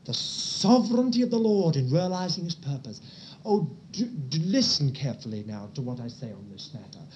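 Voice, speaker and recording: A preacher giving a sermon in an earnest, pleading way, talking straight to the listeners and swinging from loud, stressed words to hushed near-whispers. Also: medium pitch, sing-song, normal speed, slight background noise.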